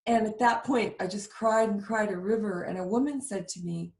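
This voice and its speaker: A woman host recalls a personal turning point in a vivid, confessional way. Her voice sits in the middle of her range, and the room gives it a clear echo. She speaks openly and with feeling. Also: mid-range voice, moderate pace, darkish tone. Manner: emotional, vivid confessional storytelling. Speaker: show host. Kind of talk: candid storytelling chat.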